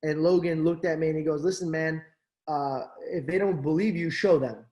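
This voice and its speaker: Speaking at normal speed in a reverberant space, this young man has a fairly high, darkish voice with fairly even intonation. He's an actor and social media creator guesting in a casual interview, telling stories animatedly with many fillers and acted-out quotes.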